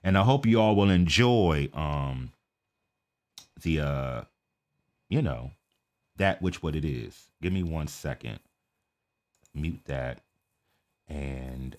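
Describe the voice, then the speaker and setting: An American man giving casual, talkative commentary on a live stream. He keeps checking in with "okay?" and mutters quietly to himself while he sets things up. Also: extremely low pitch, lively intonation, slow pace, pauses often. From United States. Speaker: reaction video streamer.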